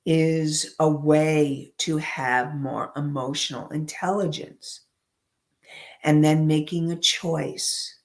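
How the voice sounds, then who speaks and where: A woman coach giving a teaching talk, speaking slowly and deliberately, pausing often and using personal examples. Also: low-pitched. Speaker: emotional intelligence coach.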